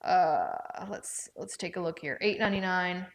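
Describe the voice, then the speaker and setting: Her lowish voice is sing-song and unhurried as she hosts a casual home livestream selling products. With her dog at home with her, she chats with viewers by name, reads out comments, and thinks aloud while checking prices.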